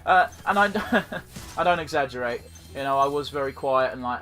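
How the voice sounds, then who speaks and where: A man's voice: medium pitch, lively intonation, normal speed, bright, forceful tone, faint music behind. A man hosting a let's play, giving rambling, profane, self-deprecating commentary while he plays. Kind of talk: casual gameplay commentary.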